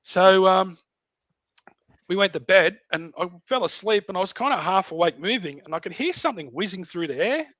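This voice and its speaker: His voice high and his pace normal, a middle-aged Australian podcast guest chats casually through an animated story, voicing characters and sounds himself. The recording is dry with the highs cut off.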